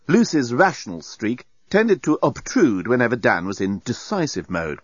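A man narrating a storybook in an expressive, animated reading. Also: mid-range voice, normal speed, few pauses, husky, no echo. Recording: dull lo-fi dry recording.

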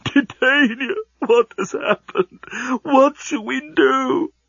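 A man's voice: sing-song, moderate pace, pushed and bright, slightly rough, no room sound, lo-fi sound, exaggerated voice. A man voicing an elderly male genius inventor, vain and outraged, who screams and sobs. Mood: sobbing. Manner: screaming, sobbing, pitch jumping high.

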